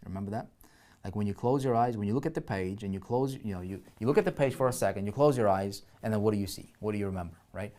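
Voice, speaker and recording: A man's voice: on the low side, quick pace, dark tone. A man teaching online marketing on a live screen-share, chatty and full of "right?" check-ins and restarts, with keyboard typing heard behind him.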